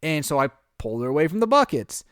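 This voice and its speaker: A man's voice: a little high, sing-song, fast, fairly bright tone, clean tone, no echo, studio quality. A man co-hosting a podcast, telling a long story in casual chat and acting out his own reactions. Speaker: podcast co-host.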